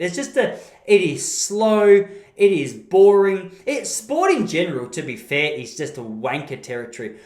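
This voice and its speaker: A man's voice: on the high side, roomy sound. An Australian man hosting a podcast, delivering a blunt, rambling opinion monologue with casual swearing. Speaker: podcast host.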